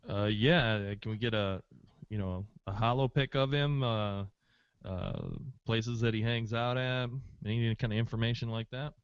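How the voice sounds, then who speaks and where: A man's voice: medium pitch, measured pace, smooth, dry recording. A man playing in a tabletop game, asking questions in a laid-back, hesitant way, in a dry lo-fi recording. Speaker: player. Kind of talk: casual tabletop game play.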